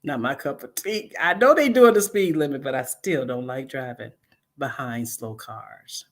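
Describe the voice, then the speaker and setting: Lively woman telling a faith story. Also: a bass voice, normal speed. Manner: animated storytelling, laughing, playful. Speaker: host, inspirational speaker. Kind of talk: casual faith-based motivational talk.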